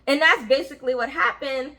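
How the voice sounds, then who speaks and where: A young woman casually telling a story from her job, animated and frank, acting out the voices of the people in it. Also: high voice, brisk. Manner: frank, uses slang and swearing. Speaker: vlogger telling a work story.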